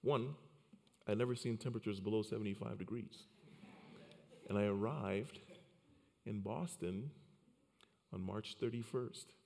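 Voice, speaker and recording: A man's voice: on the low side, unhurried, vocal fry, pauses often, darkish tone. A man in his forties from Liberia telling his personal story in an earnest way, often repeating words as he starts a thought. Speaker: speaker. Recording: long hall reverb.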